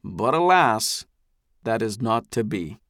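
A man voicing an older male ship leader in an audiobook, speaking in a grandfatherly, theatrical, deliberate way. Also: lowish voice, sing-song, fairly bright tone, dry recording, clean studio sound, heavily acted. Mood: grave. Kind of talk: audiobook character voice.

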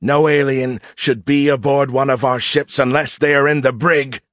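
A man voicing an arrogant young male cadet leading a mutiny, sneering and shouting his lines in an audiobook. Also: mid-range voice, fairly even intonation, no echo, clean studio sound, voice pushed up, natural voice. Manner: shouting, sneering, drawn-out words.

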